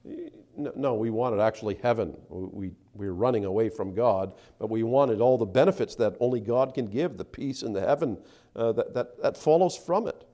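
A man preaching a sermon, acting out the speakers he quotes and dropping to soft asides between them. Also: mid-range voice. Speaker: pastor.

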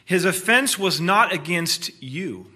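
A man's voice: sits high, animated, sharp tone, husky, pitched above the performer's own voice, full character voice. A man reading as a grave, noble lion king. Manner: slow, measured, grave delivery.

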